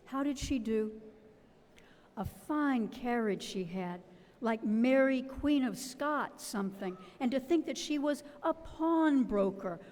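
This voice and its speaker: A woman reading a novel aloud at a public literary event, with a measured, expressive delivery. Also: a little high. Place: event hall. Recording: long hall reverb.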